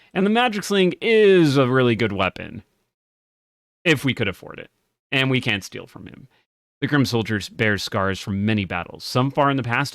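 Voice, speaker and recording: Animated chatty man commentating a game. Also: medium pitch, no echo, studio quality. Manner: chatty, laughing, reads game text aloud. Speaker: game streamer. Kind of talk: casual gameplay commentary.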